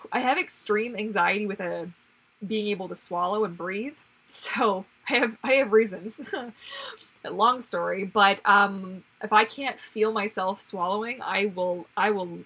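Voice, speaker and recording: Woman streamer, casual chat to viewers, husky and breathy, chatty with frequent restarts. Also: mid-range voice, a bit bright. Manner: chatty, rambling, many fillers and restarts, laughs often. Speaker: livestream host. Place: home.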